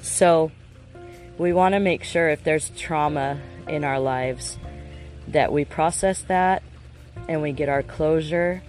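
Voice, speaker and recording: A man's voice: a little high, slow pace, faint music behind. A man giving a casual self-help lesson in an earnest way, asking his listeners rhetorical questions.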